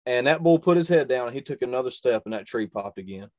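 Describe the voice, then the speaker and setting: A young man recounts a story in conversation, earnest and emphatic, leaning on repeated phrases to drive each point home. His voice sits at an ordinary middle pitch. The recording is close and dry, with no room sound. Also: expressive, fast, a little mellow, no echo. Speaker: hunter and video creator, guest. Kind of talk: telling a personal story in a conversation.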